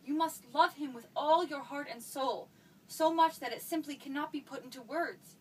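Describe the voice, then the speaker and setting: A woman's voice: sits high, normal speed, natural voice. An actress playing an anxious, evasive mother who keeps dodging her teenage daughter's questions, recorded from a distance. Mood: flustered. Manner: fretful, evasive, pleading. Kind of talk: stage play acting. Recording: distant mic with faint noise.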